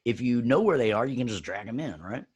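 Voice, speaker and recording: A man teaching an audio software class, upbeat and jokey, walking students through steps and checking in with "right?". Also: medium pitch, lively intonation, fast talker, slightly rough.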